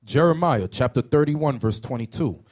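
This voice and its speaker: A man reading Bible verses aloud, slow and deliberate. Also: medium pitch, lively intonation, a little mellow. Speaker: scripture reader.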